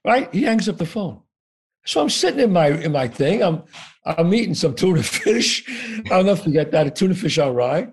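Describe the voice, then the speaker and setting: A man's voice: fairly high pitch, very animated, moderate pace, slightly rough. An older man telling his story as a podcast guest, acting out both sides of each conversation and swearing freely. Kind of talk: animated storytelling.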